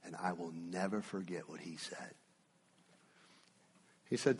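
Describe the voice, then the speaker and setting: A man delivers a sermon in an unhurried, storytelling way, leaning on pauses and repeated phrases for emphasis. His voice sits a little low and has a husky edge. The sound carries a long reverb, as if the sermon is heard in a large hall. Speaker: preacher.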